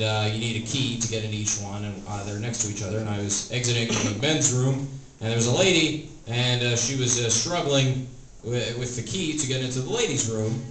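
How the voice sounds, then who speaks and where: A man doing a stand-up set in a comedy club, talking in a wry, rambling way with lots of fillers. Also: medium pitch. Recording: roomy club recording, noisy, from a distance. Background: audience laughter.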